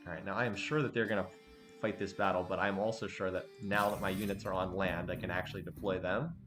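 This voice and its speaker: A man commentating his strategy game as he plays, halting and repeating himself when frustrated. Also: low-pitched, little pitch movement, over music. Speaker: game streamer. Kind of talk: let's play commentary.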